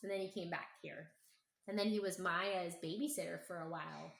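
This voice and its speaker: Hoarse mother telling family stories. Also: on the low side, steady tone. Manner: gentle, unhurried, thinking aloud with hums and pauses. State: hoarse, strained voice. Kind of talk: casual storytelling to her child. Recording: echoey room with clear background noise.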